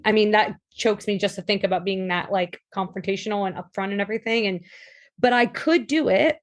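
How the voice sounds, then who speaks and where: A woman in her thirties from New York with a New York accent, a guest in a casual interview, talking in animated bursts with quick restarts. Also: medium pitch. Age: 30s. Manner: animated, talks in bursts with restarts and quoted asides.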